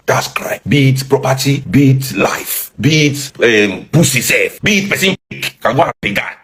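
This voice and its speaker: A Nigerian man delivers political commentary, switching between Pidgin and English. His pitch leaps around with animated, mocking energy, and he sits in a comfortable middle register.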